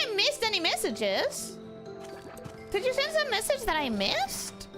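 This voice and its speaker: A young woman with a very high voice streams a game from home on a desk mic, game music playing behind her. Her pitch swoops wildly while her pace stays measured, and she's bubbly and talkative, chatting casually with her viewers.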